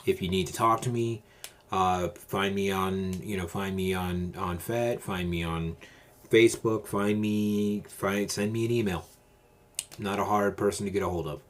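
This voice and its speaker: A man hosting his own channel, giving advice in a calm, measured, deliberate casual monologue. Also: low-pitched, slight background noise.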